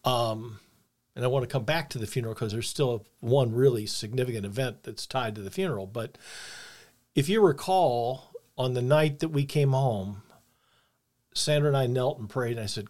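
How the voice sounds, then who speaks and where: A man's voice: medium pitch, moderate pace, a little mellow. An older man, earnest and reflective, telling a personal story about faith and loss. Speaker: podcast co-host.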